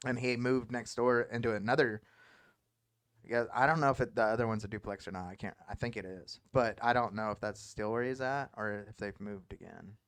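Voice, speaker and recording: A man's voice: mid-range voice, brisk, a bit bright, no echo, clean studio sound. A man hosting a casual podcast, telling long profane stories and laughing often. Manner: rambling, profane storyteller who laughs often. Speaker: podcast host.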